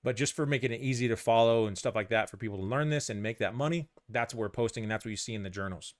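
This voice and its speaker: A young man explains his week's trades in a relaxed, conversational way, walking viewers through a chart. His voice sits at an ordinary mid pitch for a man, and his delivery is easygoing rather than formal. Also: fast. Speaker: options trader and vlogger. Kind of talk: casual trade recap to camera.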